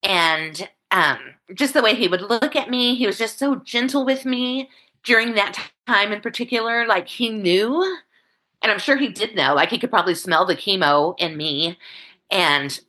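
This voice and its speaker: A woman's voice: mid-range voice, animated, sharp tone. Emotional woman, choked-up storyteller. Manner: candid, halting, emotional. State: choked up, near tears. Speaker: guest. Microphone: video call.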